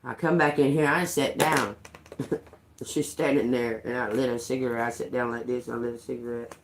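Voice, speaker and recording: A woman's voice: a bass voice, moderate pace, slight background noise. Heated, profane woman ranting. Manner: profane, heated, animated retelling. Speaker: tarot reader on a live stream. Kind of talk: casual storytelling rant.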